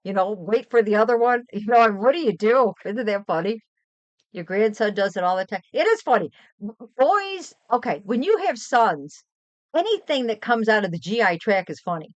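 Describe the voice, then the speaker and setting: A woman's voice: medium pitch, moderate pace, dry recording. An older woman streamer telling chatty, rambling stories in a casual live stream. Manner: chatty, rambling, animated storytelling. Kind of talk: casual chat. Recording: dry, dull lo-fi stream audio.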